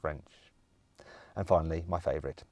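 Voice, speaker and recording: A man's voice: very deep voice, fairly even intonation, moderate pace, creaky, a little mellow, soft background music. A man from the English Midlands with a British accent, presenting a car review in an upbeat, playful, chatty way. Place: in and around a car.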